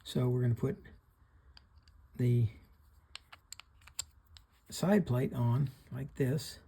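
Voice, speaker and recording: A man's voice: medium pitch, extremely slow, creaky, warm tone, slight background noise. A middle-aged man hosting a hands-on repair tutorial, plain-spoken, talking through each step while he works. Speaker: fishing reel repairer hosting a channel.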